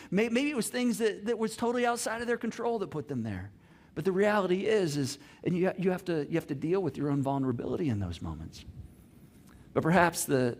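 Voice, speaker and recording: A middle-aged man preaching a sermon, telling stories with many restarts and quoted conversations. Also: sits high. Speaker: pastor.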